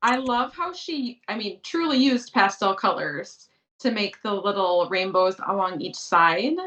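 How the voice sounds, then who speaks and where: A woman's voice: medium pitch, lively intonation, a little slow, far from the mic, background noise. A woman co-hosting a craft show, mostly agreeing and adding short comments about the cards. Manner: agreeable, soft-spoken, short affirmations. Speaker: co-host. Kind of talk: casual chat reviewing viewer crafts.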